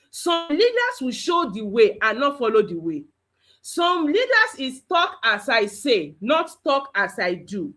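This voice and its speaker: A woman's voice: a little high, very animated, measured pace, fairly bright tone. A Nigerian woman coaching children in a livestreamed talk, speaking emphatically and repeating lines for them to echo. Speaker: kids coach.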